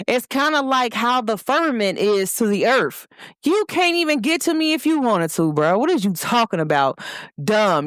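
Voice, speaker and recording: A woman's voice: medium pitch, fairly bright tone, dry recording, clean studio sound. A young woman hosting her own show, giving a casual motivational talk with emphasis and speaking straight to her listeners. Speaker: host.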